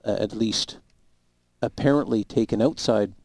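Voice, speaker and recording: Man lawyer explaining wills, low mellow voice, dry sound. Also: vocal fry, no room sound. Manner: measured, emphatic advice with fillers. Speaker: lawyer guest. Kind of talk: explaining law on a talk show.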